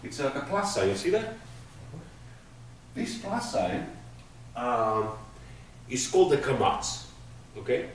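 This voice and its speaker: A man's voice: medium pitch, very animated, takes it slowly, long pauses. A man teaching a class, patiently explaining with everyday examples. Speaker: Hebrew teacher. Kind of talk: classroom lesson. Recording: echoey room from far off, faint noise.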